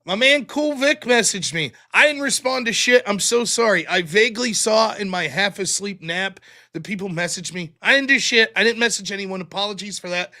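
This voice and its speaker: A man hosts his own live stream, rambling through his day in a loose, profane, self-mocking way. His voice sits high for a man and sounds bright and sharp. He jumps between crude jokes and half-apologies without slowing down. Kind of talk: casual live-stream monologue.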